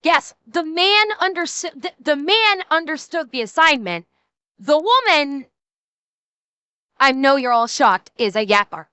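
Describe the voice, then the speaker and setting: A woman's voice: high-pitched, lively intonation, measured pace, sharp tone, no echo. A woman hosting a casual stream chat, blunt and swearing freely as she reacts. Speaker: streamer host.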